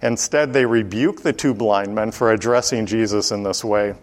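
A man's voice: lowish voice, normal speed. A man teaching the Bible verse by verse. He keeps asking the listeners questions and answering them himself, and his voice rises when he reads scripture aloud.

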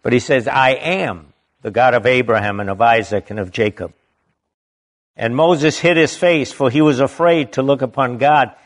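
A man preaches from the Bible, reading the verses slowly and deliberately, then pausing to insert emphatic remarks of his own. His pitch is medium.

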